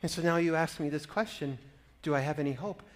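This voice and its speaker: A middle-aged man preaching a sermon, with quiet, reflective stretches that build into loud, emphatic exhortation. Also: on the high side, a little fast. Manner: swings between hushed storytelling and rising emphatic preaching. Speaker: pastor.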